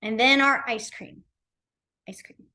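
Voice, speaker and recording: At a measured pace, a young woman with a higher, sharp-toned voice teaches a beginners' sign language class. She keeps it casual and talkative in the library classroom, using lots of "um" and "like."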